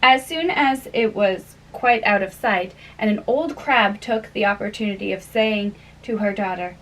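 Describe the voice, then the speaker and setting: Slow woman storybook narrator. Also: mid-range voice, a bit bright, distant mic, poor audio. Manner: slow, deliberate reading. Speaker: audiobook reader.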